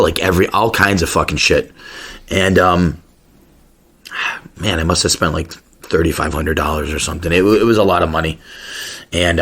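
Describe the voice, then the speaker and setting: Brief: low-voiced male podcast host, husky tone, swears freely while spinning a rambling yarn. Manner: profane, rambling and excitable. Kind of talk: casual storytelling rant.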